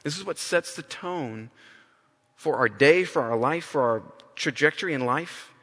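A man's voice: on the high side, expressive, unhurried, fairly bright tone, husky. A man preaching a sermon, emphatic, often restarting and repeating phrases. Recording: long hall reverb.

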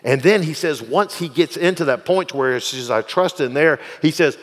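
A middle-aged man preaching a sermon in a conversational style, with soft asides and emphatic repetition. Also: a little high, animated, normal speed, hardly any pauses, big-room sound. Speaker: pastor.

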